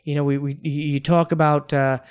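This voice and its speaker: A man's voice: fairly high pitch, normal speed, clear, resonant tone. A man co-hosting a casual podcast, telling stories with lots of energy, acting out quotes and restarting his sentences. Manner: animated storyteller, acts out quotes, many restarts. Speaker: podcast co-host.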